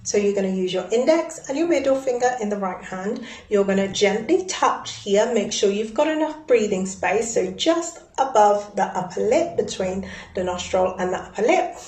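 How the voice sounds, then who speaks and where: A woman leading a guided breathwork and ritual session in a soothing, gently instructive way. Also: mid-range voice, lively intonation, normal speed. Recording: echoey room.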